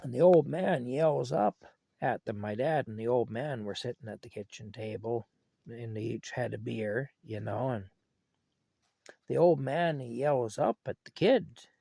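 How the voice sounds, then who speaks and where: A man's voice: medium pitch, measured pace, vocal fry, mellow, no room sound. An older man telling family stories in a rambling, folksy, chuckling way while feeling unwell. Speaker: vlogger. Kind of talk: casual storytelling.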